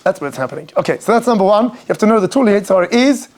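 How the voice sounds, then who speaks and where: Animated rabbi teaching a class. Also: male voice, sits high, rapid-fire. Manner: animated, acts out quoted voices and asks rhetorical questions. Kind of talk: informal Torah class.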